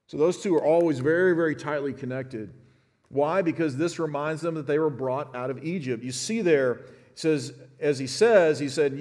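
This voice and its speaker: A man's voice: a little high, normal speed, darkish tone, big-room sound. A man in his fifties giving a sermon as a pastor, teaching in a conversational way and speaking straight to his congregation. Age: 50s. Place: church sanctuary.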